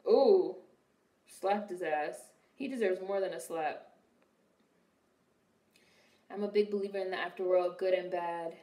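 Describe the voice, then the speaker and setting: A woman's voice: lowish voice, measured pace, pauses often, warm tone, reverberant. A young woman casually commenting on a film during a live stream, swearing freely and answering her chat. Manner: chatty, swearing, reads and answers viewer chat.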